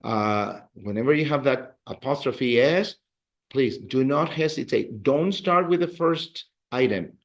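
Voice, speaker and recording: A man's voice: mid-range voice, animated, unhurried. A man teaching a beginner Spanish class, patiently repeating words for drills and encouraging his students. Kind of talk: classroom language lesson.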